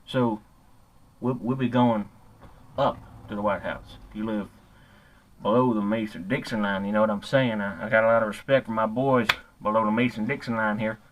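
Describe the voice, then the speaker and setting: A man's voice: fairly low pitch, fairly even intonation, moderate pace, dull audio, a little hiss or hum, natural voice. A man playing a hot-headed, ignorant ranting man in a comedic character monologue, profane and rambling, stumbling over his own words. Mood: angry rant.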